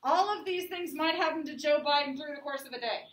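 Woman, high pitch, classroom lecture, conversational, roomy distant sound. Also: brisk. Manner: conversational, checks in with frequent "right?" and "okay?". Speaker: teacher. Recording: echoey room, voice from a distance.

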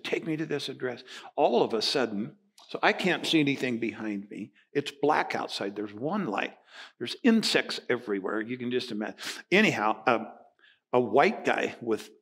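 A man's voice: mid-range voice, a bit bright. An older man in his sixties, a pastor from Nova Scotia, telling a story in a sermon and acting out the voices of the people in it. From Nova Scotia, Canada.

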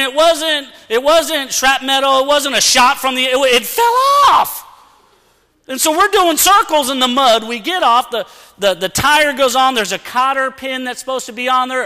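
Animated high-voiced preacher in a reverberant church. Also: male voice. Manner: animated, acts out sounds and dialogue. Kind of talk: storytelling sermon. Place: church sanctuary. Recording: long church-hall reverb.

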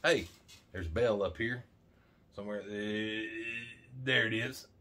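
On his own vlog, a middle-aged Arkansas man chats and rambles in a folksy, jokey manner, addressing the camera directly and using "man" often. His voice sits on the low side, pushed and bright, with a measured pace.

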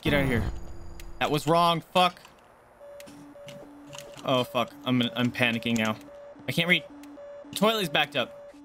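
A man's voice: medium pitch, expressive, a little slow, pauses often, pushed and bright, soft background music. A man streaming a horror game, muttering and swearing as he panics. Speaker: gaming streamer. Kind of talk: live gameplay reactions.

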